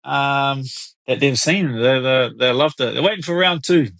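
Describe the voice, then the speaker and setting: A man in his thirties, guest on a podcast, telling crude, animated stories with plenty of swearing. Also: medium pitch, normal speed, vocal fry, dry recording. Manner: crude, animated storytelling with lots of swearing and laughs. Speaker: guest fighter. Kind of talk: casual podcast interview.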